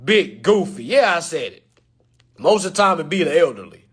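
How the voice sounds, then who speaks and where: A man ranting to camera in an animated, joking way, loud and slangy, calling out to his viewers. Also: a little high, normal speed, husky.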